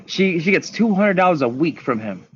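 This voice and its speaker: A man's voice: fairly high pitch, big pitch swings, normal speed, slightly rough, dull audio. A man guest on a podcast, telling his story in a blunt, emphatic way with plenty of swearing. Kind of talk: candid storytelling interview.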